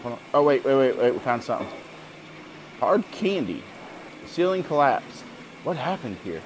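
A man's voice: medium pitch, sing-song, moderate pace, long pauses, a little hiss or hum, poor audio. A man giving jumpy, jokey commentary while playing a game, often talking to himself. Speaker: gamer. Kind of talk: let's play commentary.

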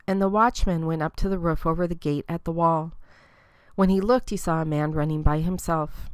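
A woman giving a measured, even reading of Bible scripture. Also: fairly low pitch, clean tone, no room sound. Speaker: scripture reader.

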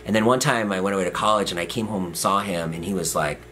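A man's voice: deep voice, quick pace, pushed and bright, slight background noise. Rambling man telling a story. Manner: rambling, filler-heavy, self-deprecating. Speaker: vlogger. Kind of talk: casual storytelling.

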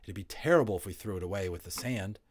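Worried young boy, earnest, read by a man in a low voice. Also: fast talker, breathy edge.

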